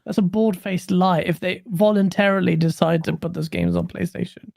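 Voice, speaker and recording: A gaming stream co-host ranting casually, animated, swearing and laughing often. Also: mid-range voice, moderate pace, vocal fry, dry recording, clean studio sound.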